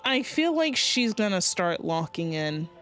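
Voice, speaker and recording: A woman's voice: fairly low pitch, unhurried, faint music behind. A woman streamer chatting casually while reading a game story, rambling with fillers and cursing. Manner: rambling, many fillers, swearing, excited outbursts. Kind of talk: casual live-stream commentary.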